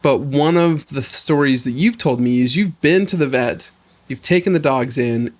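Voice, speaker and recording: A man co-hosting a podcast, coaching his friend in a gentle, reflective and affirming way. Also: a little high, animated, normal speed. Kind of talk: coaching conversation.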